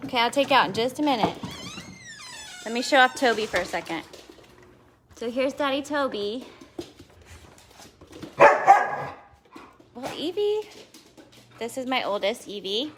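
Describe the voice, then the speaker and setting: A woman chatting casually on a live stream from her home, breaking off to coax her dogs in a high voice. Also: a little fast, pauses often, noisy background. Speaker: home dog breeder.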